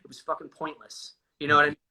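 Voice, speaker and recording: A man recounts his own experiences in loose, candid conversation. His voice sits a little high and sounds very bright and forward. He swears often and tosses "dude" into nearly every sentence. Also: completely flat delivery, racing, slight background noise, rough recording. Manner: casual and profane, says "dude" constantly. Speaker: guest sharing a recovery story.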